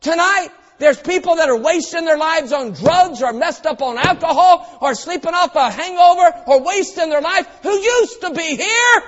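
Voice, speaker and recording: A man preaching a sermon as pastor, telling stories and swinging from quiet asides to loud shouted lines. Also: very high voice, expressive, normal speed, few pauses. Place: church auditorium. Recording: dull sound with long hall reverb.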